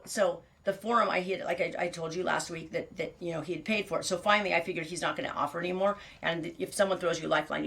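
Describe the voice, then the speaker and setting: A woman's voice: fairly low pitch, vocal fry, fairly bright tone. A woman in her fifties hosting her own show, telling a personal story in a blunt, rambling way full of fillers and restarts, with frequent laughs. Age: 50s. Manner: laughs often. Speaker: host.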